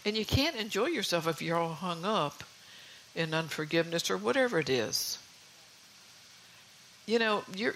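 A woman's voice: fairly low pitch, gravelly, a bit bright, a little hiss or hum, poor audio. An older woman giving an informal sermon in a homey, confiding way, often saying "you know". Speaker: preacher.

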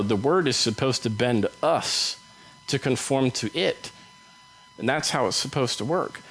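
A man preaching a sermon in a conversational way, now and then acting out quick bits of scripture dialogue. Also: mid-range voice, low-quality recording. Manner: conversational, acts out Bible dialogue in quick voices.

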